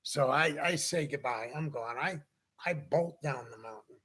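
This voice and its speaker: A man's voice: mid-range voice, measured pace, sharp tone, slightly rough. A man hosting a casual talk show, telling a long anecdote and acting out the people in it. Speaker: podcast host. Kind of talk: casual storytelling chat.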